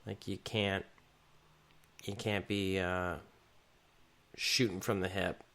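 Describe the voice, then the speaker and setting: A man's voice: low voice, level tone, takes it slowly, pushed and bright. A man co-hosting a podcast, chatting casually about video games with frequent restarts and fillers. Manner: rambling, many restarts and fillers. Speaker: podcast co-host. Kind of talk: casual gaming chat.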